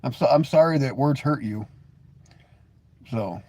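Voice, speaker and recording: A man's voice: mid-range voice, a little slow, darkish tone, dry recording. A man hosting his own live stream, chatting casually with viewers and reading the chat, teasing mockingly, laughing often and stumbling over repeated words. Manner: mocking, sarcastic teasing with frequent stammered restarts.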